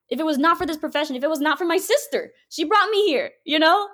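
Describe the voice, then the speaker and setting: A woman's voice: high-pitched, quick pace. A woman giving an earnest, emphatic faith testimony as a podcast guest, full of "like" as she talks. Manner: earnest, emphatic storytelling with many "like"s.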